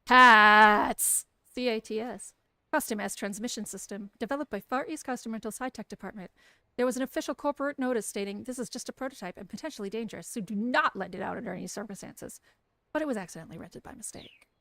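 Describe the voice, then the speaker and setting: A woman's voice: fairly high pitch, fast, no room sound, close to an everyday voice. A woman voicing an anxious, insistent male costume-shop clerk who speaks formally and pleads. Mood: alarmed. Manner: formal and pleading, calls others sir.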